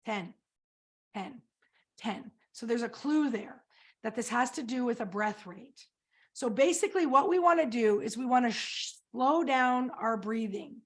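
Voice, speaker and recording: A high-pitched, lively woman coaching through a webinar. She talks with energy and keeps throwing questions at her listeners to pull them in. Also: normal speed. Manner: energetic, quizzes the audience with questions. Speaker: coach and presenter. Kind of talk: webinar presentation.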